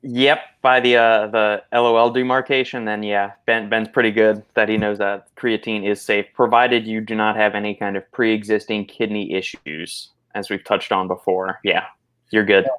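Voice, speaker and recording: A man co-hosting a live stream as a supplement expert, explaining in a relaxed, halting way. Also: on the low side, smooth. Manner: relaxed, explanatory, hesitant restarts. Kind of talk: casual expert chat.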